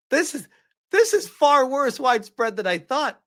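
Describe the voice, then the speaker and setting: A man's voice: very high-pitched, big pitch swings, measured pace, fairly bright tone. A man giving heated, profane reaction commentary, reading article quotes aloud between his own remarks.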